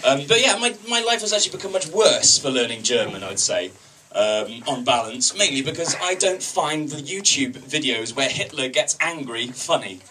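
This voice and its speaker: A man's voice: medium pitch, expressive, moderate pace, hardly any pauses, distant mic, very noisy. A man doing open-mic stand-up in a comedy club, chatty with the crowd and wryly self-deprecating.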